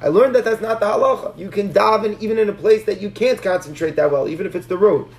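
Male Talmud teacher, high voice with a gravelly edge, earnest explainer. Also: quick pace. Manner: earnest, explanatory, frequent restarts. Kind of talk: Talmud class lecture.

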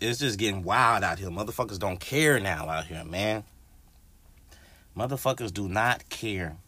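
In a dry recording, a man with a lowish voice rants on his own podcast. His talk is casual, profane and lively, aimed right at the people listening.

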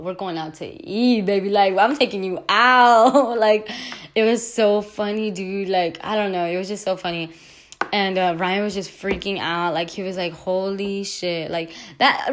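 A young woman hosting a podcast, telling a casual storytime with lots of fillers and restarts. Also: medium pitch. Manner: rambling, many "like" fillers and self-corrections. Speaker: podcast host.

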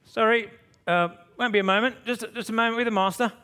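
A man putting on a Cockney accent to voice a polite, apologetic man being lowered on a mat. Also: pushed and bright, clear, resonant tone. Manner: polite, fussing, hurried.

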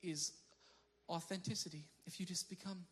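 Male pastor, fairly high, bright voice, loose conversational sermon, laughs at his own stories. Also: moderate pace. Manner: animated storyteller who breaks into laughter; repeats words as he restarts phrases.

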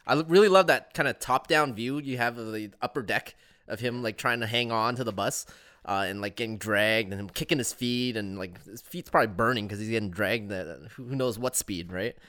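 A man in his thirties co-hosting a casual podcast about movies, animated and laughing as he talks, often restarting his sentences. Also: on the low side, fairly quick. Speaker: podcast co-host. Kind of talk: casual film discussion chat.

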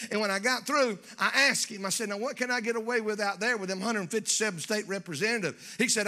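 A man preaching a folksy, joking sermon in church that builds to shouting. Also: high-pitched. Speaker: pastor.

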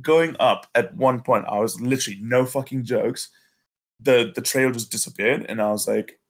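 A man's voice: mid-range voice, moderate pace. Young guy telling a wild story. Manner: animated, swears a lot, says bro and like. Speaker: storyteller among friends. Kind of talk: casual chat.

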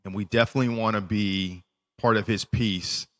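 A man co-hosting a casual faith podcast, animated and lively, who stumbles and restarts his words. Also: lowish voice, normal speed, in a large hall. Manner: animated, acts out voices in retellings, restarts words. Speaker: podcast co-host. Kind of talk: casual faith discussion with scripture reading.

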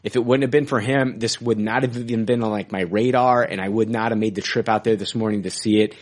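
A man's voice: on the low side, steady tone, fast talker. A man co-hosting a casual podcast, gushing about films and often repeating and restarting his words. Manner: enthusiastic, stumbling, repeats words. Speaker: podcast co-host. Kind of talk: casual chat.

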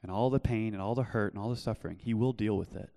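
A man's voice: fairly low pitch, quick pace, gravelly. Earnest male preacher in a reverberant hall. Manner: earnest, shifts from loud storytelling to soft pleading. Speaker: pastor. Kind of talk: sermon with personal testimony. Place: church hall.

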